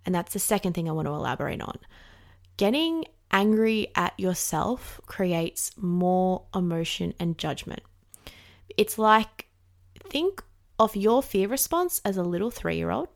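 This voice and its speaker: A woman's voice: fairly low pitch, vocal fry. A woman talking casually and candidly about processing emotions, chatty with many fillers and the odd swear word. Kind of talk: casual reflective monologue.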